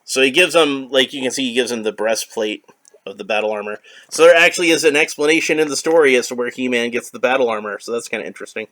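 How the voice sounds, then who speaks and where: A man's voice: mid-range voice, fast talker, a bit bright. A man toy collector giving casual, rambling unboxing commentary with a wry touch and many fillers.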